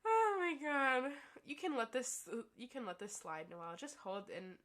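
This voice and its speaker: A woman streamer reads a visual novel aloud, breaking off into giggly, exclaiming reactions. Her voice sits a little high. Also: very animated, moderate pace, a bit bright.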